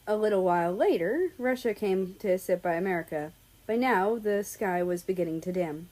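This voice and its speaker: A woman reading a piece of fan fiction aloud, narrating calmly and evenly. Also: mid-range voice, normal speed, low-quality recording. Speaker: story reader.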